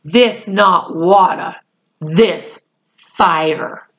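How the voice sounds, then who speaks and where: A woman's voice: lowish voice, a bit bright, dull audio. A woman doing Little Bear, a terse stoic man. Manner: terse, measured commands. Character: tiny stoic man, calm, speaks in short broken phrases.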